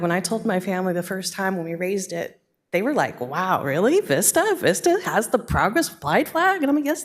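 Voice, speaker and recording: A middle-aged woman giving a halting, emotional public comment at a council meeting, speaking into a podium microphone. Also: mid-range voice. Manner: halting, with fillers and restarts, audibly emotional.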